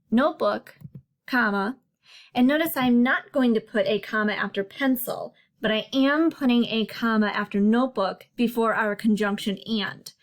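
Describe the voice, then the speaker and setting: A woman narrating a slide lesson as a writing tutor, explaining patiently and slowing down to stress each example. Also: fairly high pitch. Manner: clear, patient explaining with slow emphasis on examples.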